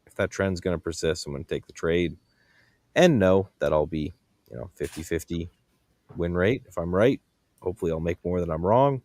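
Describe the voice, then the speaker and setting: A man with a very low voice talks through stock charts in a loose, thinking-aloud way. The sound is dry and close, with almost no room in it. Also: normal speed, a little mellow, no room sound. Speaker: guest trading host. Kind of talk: live trading commentary.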